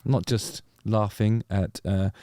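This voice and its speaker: A man's voice: fairly low pitch, steady tone, slow, dark tone, no echo, studio quality. A man hosting his own channel, giving playful, joking commentary on music performers. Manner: jokey, playful, drifts into mock voices. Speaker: YouTube channel host.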